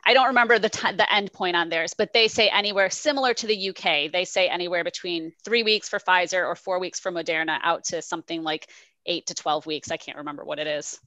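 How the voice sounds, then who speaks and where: A woman researcher speaking casually on a university panel, chatty and quick to joke. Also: fairly low pitch, pushed and bright, no room sound, rough recording. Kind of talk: panel discussion.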